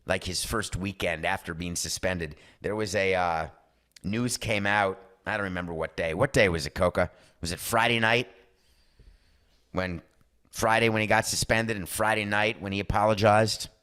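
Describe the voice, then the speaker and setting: A man's voice: low-pitched, moderate pace, smooth. A man hosting a sports talk podcast, giving opinionated monologues and acting out quoted voices. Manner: animated, acts out quoted voices. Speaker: podcast host.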